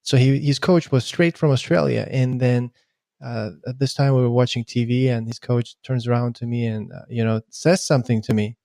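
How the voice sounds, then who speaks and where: A man from Russia hosting a podcast, speaking in a casual, halting way with stammered restarts. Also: mid-range voice, steady tone, mellow, no echo, clean studio sound. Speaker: podcast host. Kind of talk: casual interview chat.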